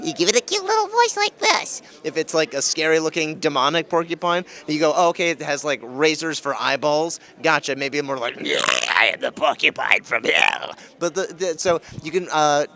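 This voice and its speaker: A man giving a casual convention interview as a voice-actor guest, energetic and quick with jokes. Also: a little high. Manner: energetic, jokey, quick quips.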